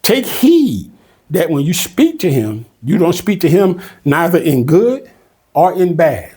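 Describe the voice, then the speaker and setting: Male Bible teacher, husky and fairly high-pitched, emphatic and repetitive, reads verses slowly. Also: very animated, warm tone. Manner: emphatic, repetitive, checks in with "okay?" and "right?"; reads scripture aloud slowly and deliberately. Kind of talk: informal Bible study teaching.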